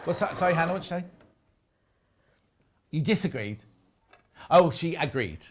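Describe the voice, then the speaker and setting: A man's voice: a little high, lively intonation, moderate pace, slightly rough. A man from the north-west of England hosting live sewing sales on a TV shopping channel, chatty and jokey. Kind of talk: live TV selling and chat. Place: TV studio.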